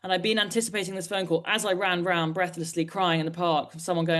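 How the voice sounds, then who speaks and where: Speaking fast in a lowish, slightly bright voice, a British woman in her forties tells stories candidly as an interviewed author. Her manner is rambling and self-deprecating.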